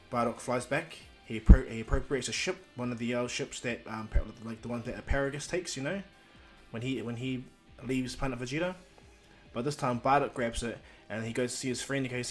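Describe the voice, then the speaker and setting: A man tells an improvised fan story in a loose, rambling way, stumbling over restarts and slipping into his characters' lines. His pitch sits in the middle. Faint music plays underneath. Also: fast. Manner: rambling, with many restarts, and quotes each character in the flow.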